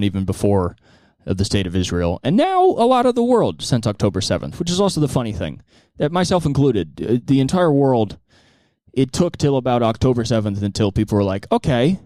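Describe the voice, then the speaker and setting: A man performing a stand-up set. His pitch swings widely as he slips into voices, and he swears freely. The sound is dry and close. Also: no echo. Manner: animated, profane, acts out many voices. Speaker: stand-up comedian. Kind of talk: stand-up comedy monologue.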